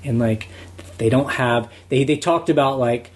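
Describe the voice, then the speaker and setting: A man's voice: medium pitch, unhurried. A man co-hosting a casual podcast, rambling and full of "you know" and "like". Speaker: podcast co-host on reselling.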